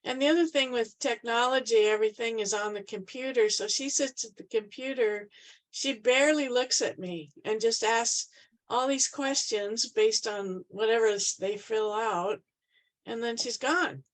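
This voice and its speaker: A woman's voice: on the high side, normal speed, low-quality recording. A woman taking part in a live Q&A over a video call, speaking frankly and a little wearily. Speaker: program participant asking questions. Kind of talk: casual talk in a Q&A.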